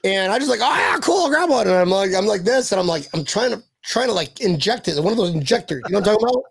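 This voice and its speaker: A man's voice: high-pitched, lively intonation, racing, gravelly, husky, no room sound. An American man hosting a podcast, telling rowdy stories in casual chat with swearing and laughter. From United States. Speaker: podcast host.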